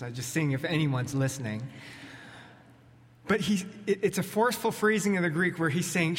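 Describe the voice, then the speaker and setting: A man's voice: a little high, normal speed, a bit bright. A male pastor giving a sermon in a church, talking conversationally with small jokes and restarts, on a pulpit microphone. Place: church sanctuary. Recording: long reverb of a large hall.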